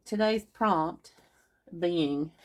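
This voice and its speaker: Woman, craft vlogger, casual rambling chat, fairly low voice. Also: drawn-out words. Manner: rambling, chatty, talks straight to viewers.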